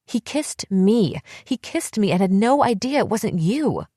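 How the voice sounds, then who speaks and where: A woman's voice: medium pitch, big pitch swings, unhurried, husky, dry recording, studio quality, voice pushed up. A woman reading the part of a desperate young woman who begs and pleads with her sister in an audiobook. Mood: pleading. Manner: pleading, wheedling, rising to yelling.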